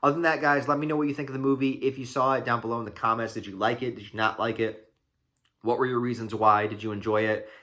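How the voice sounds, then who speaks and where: At a quick pace and in a mid-range voice, an excitable young guy chats to his viewers while reviewing a film with spoilers. His delivery is bright and forceful, loose and rambling, and full of fillers and curses.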